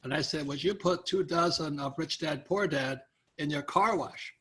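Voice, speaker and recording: An older man, a guest author, telling animated anecdotes in an interview, acting out quoted voices. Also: on the high side, normal speed. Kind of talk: storytelling interview.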